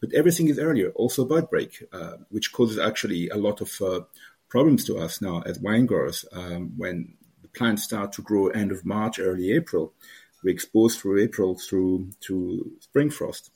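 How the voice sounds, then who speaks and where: A man's voice: low-pitched, normal speed, darkish tone, breathy edge. A wine grower answering interview questions at length, with frequent "uh" fillers as he explains. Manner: hesitant, many "uh" fillers, explanatory.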